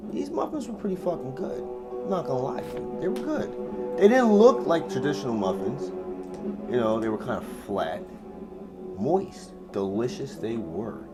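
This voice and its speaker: A man hosting his own show, telling a rambling, profane story in a casual monologue, swinging from mumbles to shouts. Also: mid-range voice. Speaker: host. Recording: noisy room ambience.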